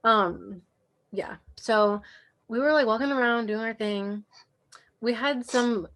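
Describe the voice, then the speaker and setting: A young woman co-hosting a podcast, chatting casually and telling an animated story full of "like" and acted-out quotes. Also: on the high side, slow. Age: young adult. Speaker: podcast co-host. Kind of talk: casual chat.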